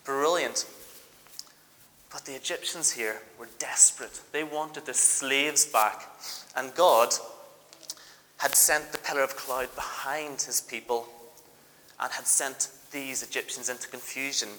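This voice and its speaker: Bright-voiced teacher acting out a story. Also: medium pitch, in a large hall, slight background noise. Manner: lively, directs helpers with quick requests and praise. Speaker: teacher leading a church education service. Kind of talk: acting out a Bible story with volunteers.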